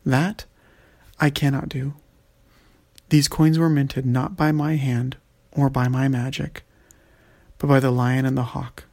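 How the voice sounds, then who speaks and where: A man voicing an ancient, wise female well spirit who speaks slowly and solemnly. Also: mid-range voice, little pitch movement, creaky, darkish tone. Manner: solemn, measured.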